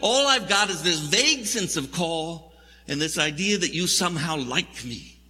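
A man's voice: very high-pitched, animated, fairly quick, pushed and bright, voice pushed up, full character voice. A man voicing Moses as an anxious, complaining leader who feels lost, in a whiny, exasperated way. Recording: long hall reverb.

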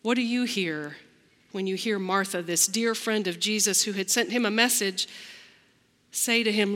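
A woman pastor delivering a slow, reflective sermon, acting out the lines she quotes. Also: mid-range voice, fairly bright tone, big-room sound.

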